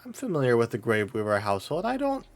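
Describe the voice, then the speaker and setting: A man voicing a suspicious bearded townsman who speaks in a measured, wary way. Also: medium pitch, huge pitch swings.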